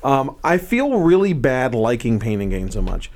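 Animated man chatting about movies. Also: mid-range voice, normal speed. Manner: animated, laughing, self-questioning. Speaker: podcast co-host. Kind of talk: casual movie review chat.

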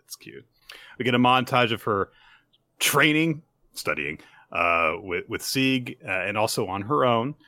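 A man co-hosting a podcast, recapping manga in casual chat and jumping into quick put-on voices for the characters. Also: mid-range voice, lively intonation, bright, forceful tone, no echo, studio quality. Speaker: podcast co-host.

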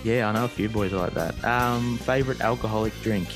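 A man's voice: on the low side, steady tone, fairly quick, over music. A young man hosting a sports interview podcast, eager and agreeable as he asks questions. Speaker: podcast host. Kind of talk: casual interview chat.

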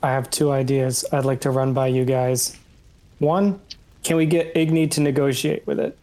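A man playing a tabletop game, chatty and joking as he pitches plans. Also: steady tone, normal speed, warm tone. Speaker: player. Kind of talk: casual tabletop game talk.

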